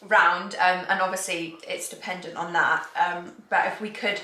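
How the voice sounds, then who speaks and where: A woman's voice: fairly low pitch, steady tone, normal speed, sharp tone. A pregnant woman in her twenties chatting on a sofa while eating, bubbly and chatty. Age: 20s. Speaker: vlogger. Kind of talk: casual chat. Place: living room sofa. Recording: roomy echo, faint noise.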